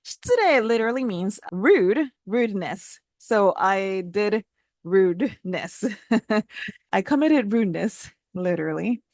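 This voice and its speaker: Woman teacher, casual lesson delivery, bouncy pitch on examples, dry close sound. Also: takes it slowly, dry recording. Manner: models phrases with lively pitch jumps, laughs lightly. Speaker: Japanese language teacher.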